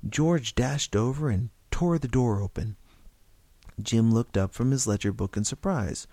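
A man's voice: mid-range voice, a little slow, dark tone, no echo. A man reading a story aloud, narrating with occasional slips and restarts.

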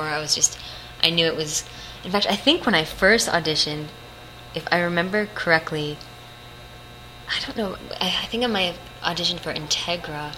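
Young woman, voice actress, chatty and rambling, lowish voice, noisy room. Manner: chatty, rambling, laughs often. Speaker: voice actress guest. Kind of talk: casual interview chat. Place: hotel room at a convention.

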